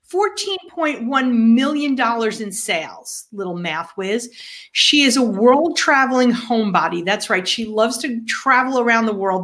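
A woman's voice: fairly high pitch, fairly bright tone. A woman co-hosting a business podcast, playful and bubbly, with teasing asides while she introduces her guest. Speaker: podcast co-host. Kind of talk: casual show hosting.

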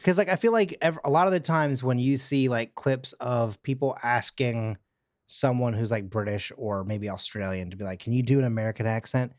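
A man's voice: medium pitch, moderate pace, no echo, studio quality. A man co-hosting a casual movie podcast, rambling playfully with many fillers. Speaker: podcast co-host.

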